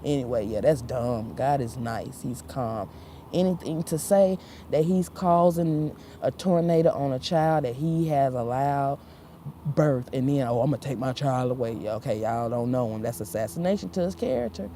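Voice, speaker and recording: A woman's voice: rumbling low, moderate pace, dark tone, slight background noise. A woman giving a rambling, preachy faith vlog monologue. She talks straight to her viewers, calling them honey and y'all, restarting lines and laughing at herself. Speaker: vlogger.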